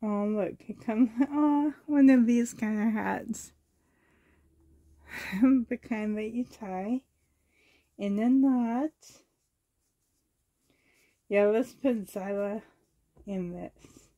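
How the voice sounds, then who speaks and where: A woman's voice: a little high, extremely slow, long pauses, mellow, poor audio. A woman with a Canadian accent, chatting casually while unboxing, gushing, giggly and rambling. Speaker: reborn doll vlogger.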